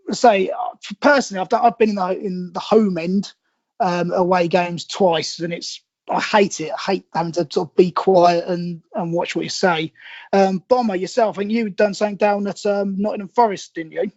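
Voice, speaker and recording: Man, London accent, podcast host, chatty, mid-pitch, dry, dull lo-fi call sound. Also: moderate pace, no echo. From southern England. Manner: chatty, reads listener tweets aloud with laughs. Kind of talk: casual podcast chat.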